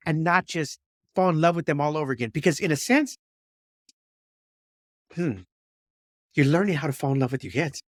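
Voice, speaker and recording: Male podcast host, somewhat higher voice, warm encouragement, emphatic repeats. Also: animated, moderate pace, long pauses, no room sound, studio quality. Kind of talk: conversational interview.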